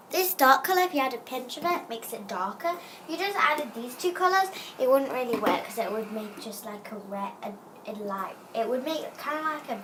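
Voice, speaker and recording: A woman's voice: a little high, noisy background. Chatty, hesitant young-sounding woman. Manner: rambling, hesitant, many fillers. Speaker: craft tutorial presenter. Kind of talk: casual how-to narration.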